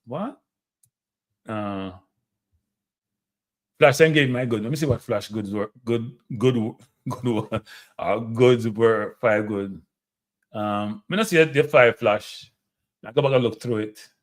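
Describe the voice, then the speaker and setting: Speaking in a mid-range voice, a man with a Jamaican accent runs a live stream. Football is the topic, and he's emotive, excitable, and quick to laugh.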